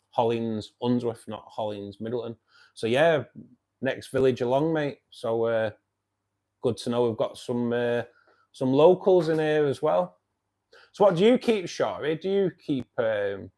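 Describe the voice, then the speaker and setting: A chatty man from the Manchester area, speaking with a broad Mancunian accent at a mid-range pitch. He hosts a relaxed live stream from home, reading out viewers' comments and answering them by name in an easy, familiar way. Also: measured pace. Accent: Mancunian English. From Manchester area, England. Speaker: live stream host of a fish club. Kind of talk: casual live stream chat. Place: home by his fish tank.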